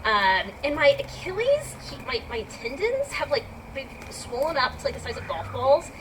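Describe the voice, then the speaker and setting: Woman, live storyteller, chatty, laughing, high voice, distant mic, background noise. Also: sing-song, moderate pace. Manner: chatty, filler-heavy, laughing, acts out her own reactions.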